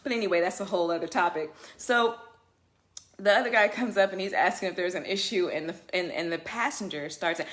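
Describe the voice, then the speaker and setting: A woman working as a flight attendant, telling a story in a casual livestream with emphatic, animated delivery and frequent laughter. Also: lowish voice, brisk.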